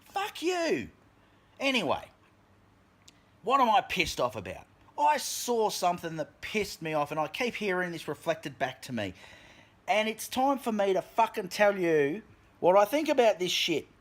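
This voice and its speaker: A man's voice: high-pitched, sing-song, moderate pace. An Australian man delivering an angry, profane rant to his camera in a vlog. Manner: profane, heated, shouts at times. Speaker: vlogger. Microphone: camera mic.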